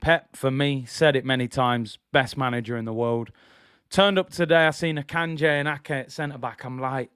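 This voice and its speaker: A man's voice: mid-range voice, fairly even intonation, moderate pace, fairly bright tone, smooth, no echo, clean studio sound. A man hosting a live football watch-along stream, giving opinionated chat and reading viewers' messages aloud.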